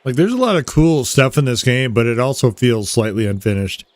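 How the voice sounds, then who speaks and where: A man's voice: mid-range voice, sing-song, a little fast, darkish tone, dry recording. A man giving gameplay commentary with mild, critical asides. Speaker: let's play host.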